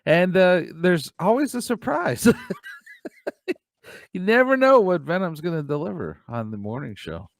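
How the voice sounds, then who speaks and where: A man's voice: high voice, big pitch swings, measured pace, gravelly. A man hosting a comedy morning show, teasing his co-host and chuckling often.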